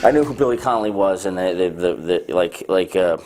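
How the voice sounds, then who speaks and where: A man, a film director, telling stories in a casual interview, animated and profane. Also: low voice, brisk, music in the background.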